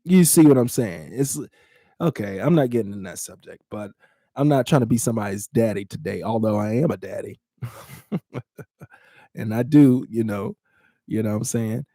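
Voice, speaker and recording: A man's voice: lowish voice, normal speed, long pauses, mellow, no echo, clean studio sound. A man in his thirties hosting a casual podcast, talking bluntly to his live chat, teasing and laughing often. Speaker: podcast host.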